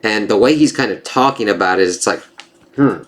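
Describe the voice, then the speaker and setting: A man casually reviewing a comic book issue, rambling and excitable, often reacting with "it's like" asides. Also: lowish voice, brisk.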